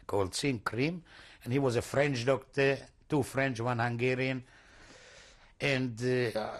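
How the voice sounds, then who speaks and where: Older male interviewee, mid-range voice, unpolished, stumbling speech in testimony. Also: medium pitch. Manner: halting, searching for words, repeats himself; non-native English, broken grammar. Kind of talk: oral history testimony.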